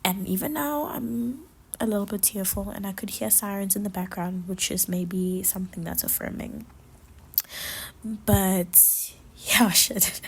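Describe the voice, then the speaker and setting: Brief: young woman, solo podcast host, gravelly low fry, rambly and gushing, soft half-whisper. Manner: rambling, gushing, full of fillers. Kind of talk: casual solo chat.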